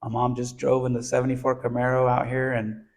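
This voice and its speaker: A man in a casual interview, recalling his past in an earnest, conversational way. His voice sits at an ordinary middle pitch. He talks loosely, doubling back with "you know" and small restarts. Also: completely flat delivery, fairly quick. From United States (born in Texas, raised in southern California). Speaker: nonprofit founder telling his life story. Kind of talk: casual personal storytelling in an interview.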